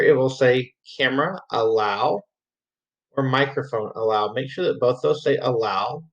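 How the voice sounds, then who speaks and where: A man teaching music, patiently walking students through a graded assignment and chanting rhythm syllables as examples. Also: mid-range voice. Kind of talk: screen-recorded assignment walkthrough. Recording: slightly dull lo-fi audio.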